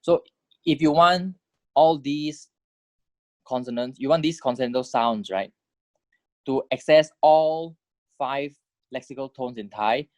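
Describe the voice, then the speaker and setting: A man giving a lecture on tones, explaining step by step, checking in with the class and saying sample syllables aloud in swooping pitches. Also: measured pace, pauses often, dry recording. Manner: explanatory, checks in with "right?" and "correct?". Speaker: language teacher.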